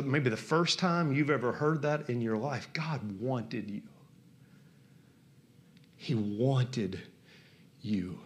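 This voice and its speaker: Southern male preacher, high tenor, impassioned, dips to a hush then builds up. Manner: impassioned, swings from hushed to loud, drawn-out emphasis. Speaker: pastor. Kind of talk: sermon.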